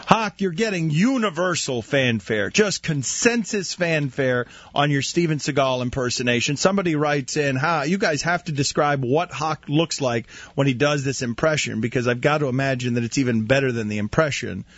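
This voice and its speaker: A man hosting a radio talk show, teasing his co-host with quick questions. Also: medium pitch, a bit bright, dry recording, highs cut off. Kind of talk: casual sports-radio banter.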